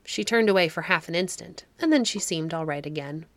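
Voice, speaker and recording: A woman narrating a classic fairy-tale audiobook in a measured storytelling manner. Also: lowish voice, fairly bright tone, dry recording.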